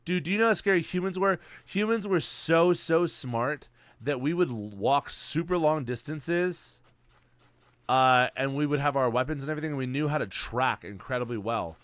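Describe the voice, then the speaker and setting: A young man streaming, chatting casually in a rambling, slang-heavy, excitable way. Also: fairly high pitch, moderate pace, no echo. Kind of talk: casual chat.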